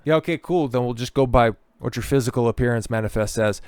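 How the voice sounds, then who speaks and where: This is a male host delivering a commentary vlog in a sarcastic, mocking voice. His tone is smooth and clear, at a middle pitch. The sound is dry and close. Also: fast, hardly any pauses, a little mellow, no room sound.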